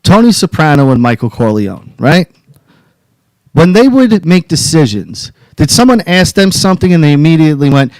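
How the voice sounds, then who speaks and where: Brash, cursing man with a higher voice. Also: lively intonation, normal speed, a little mellow, no echo, poor audio. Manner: brash, swears freely, boastful. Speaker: podcast co-host. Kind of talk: casual advice chat.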